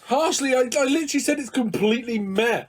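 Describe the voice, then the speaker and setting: A man's voice: very high-pitched, fairly quick, crowd noise. A young man co-hosting a casual album chat, bantering sarcastically and defensively with some swearing. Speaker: podcast co-host reviewing albums.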